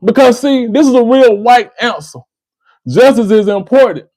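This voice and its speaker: High-voiced man lecturing a caller. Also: expressive, moderate pace, dark tone, no room sound, low-quality recording. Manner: lecturing, repeats the caller's name; restarts and repeats words. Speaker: host of a call-in debate stream. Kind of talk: argumentative call-in discussion.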